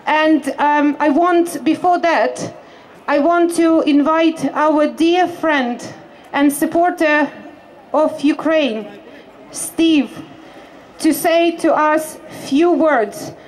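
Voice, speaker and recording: Slow, high-voiced woman introducing speakers. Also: a little hiss or hum, rough recording. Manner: hesitant, non-native English with fillers. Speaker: rally organizer. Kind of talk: announcing speakers at a protest. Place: outdoor street protest.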